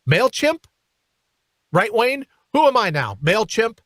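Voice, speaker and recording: Guy hosting a radio talk show, high voice bouncing all over, sarcastic rant, dry studio mic. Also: takes it slowly, no echo. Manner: sarcastic, ranting, animated. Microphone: studio microphone.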